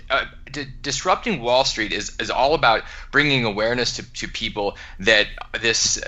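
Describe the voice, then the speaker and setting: Energetic man with a bright voice. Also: on the low side, muffled recording. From Alaska. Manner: energetic, emphatic, some restarts. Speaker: guest, entrepreneur. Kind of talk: casual podcast interview.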